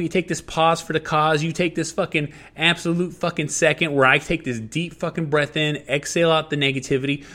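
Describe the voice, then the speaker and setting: A man's voice: a little high, a bit bright. Guy ranting advice on his podcast, swears every other word, keeps repeating himself. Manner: emphatic, heavy swearing, repetitive. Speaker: podcast host. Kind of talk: profane advice monologue.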